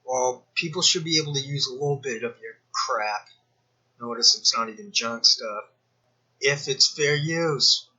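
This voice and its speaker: A man's voice: mid-range voice, unhurried, pushed and bright, slightly rough, highs cut off. A man giving rambling, sarcastic commentary as a YouTuber, full of mocking asides and digressions. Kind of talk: rambling screen-share commentary.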